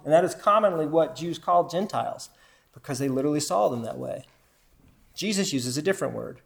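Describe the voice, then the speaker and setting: This man speaks in a darkish, slightly high voice as he gives a Bible lesson to a group. Reading scripture aloud, he asks questions of those listening and repeats the answers they offer.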